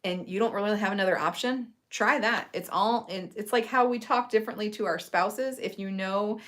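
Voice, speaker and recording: A woman's voice: mid-range voice, normal speed, fairly bright tone. A woman herbalist giving casual advice in a chatty, earnest way, with frequent fillers and restarts. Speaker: herbalist host.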